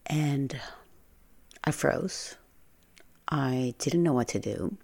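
A Spanish-speaking woman who speaks on personal branding gives an earnest motivational talk, sharing a personal story conversationally, restarting sentences and repeating herself for emphasis. Her bass voice has lively intonation, drawn-out words, some creak, and a slightly mellow quality.

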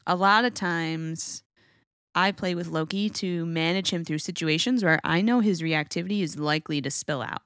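A woman's voice: lowish voice, fairly bright tone, no echo, clean studio sound. A woman dog-training coach hosting her podcast, talking in a casual, candid way with the odd swear word.

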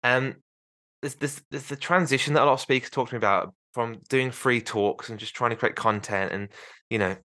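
A man's voice: medium pitch, brisk, pushed and bright. A man hosting an interview, reflective and easygoing, with a regional accent. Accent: non-London British or other regional English. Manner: reflective, easygoing, self-described recovering introvert. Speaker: podcast host. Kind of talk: conversational interview.

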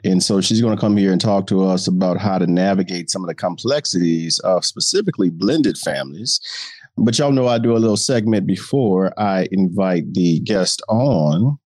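A man hosts a solo talk show, chatty and loose with the listeners. His voice sits on the low side. The sound is close and dry, with no room around it. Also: expressive, normal speed, a little mellow, slightly rough, dry recording. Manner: casual, chatty, addresses listeners as y'all. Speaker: host. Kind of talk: solo podcast monologue.

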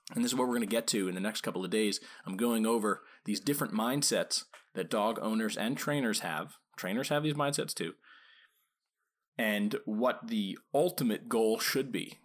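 A man hosting a podcast about dog training, talking casually and asking his listeners rhetorical questions. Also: on the low side. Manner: conversational, asks rhetorical questions, acts out quick quoted lines.

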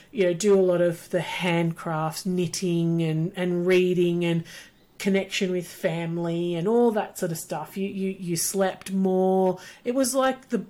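A woman's voice: fairly low pitch, mellow. A middle-aged woman, rambling cheerfully through a solo podcast for educators. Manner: chatty, rambling, upbeat. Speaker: podcast host, business coach for educators. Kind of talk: casual solo podcast monologue.

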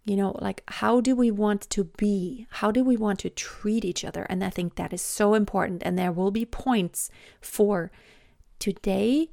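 A woman in her thirties talking casually about parenting in a chatty, animated way with many fillers. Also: medium pitch, a little slow, gravelly, no echo, studio quality. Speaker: podcast host, mother. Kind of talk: casual personal monologue.

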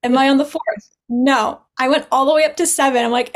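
A woman's voice: sits high, fairly even intonation, moderate pace. A woman guest on a casual podcast, chatting, laughing often and acting out the things people said. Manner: chatty, laughs often, acts out quoted dialogue.

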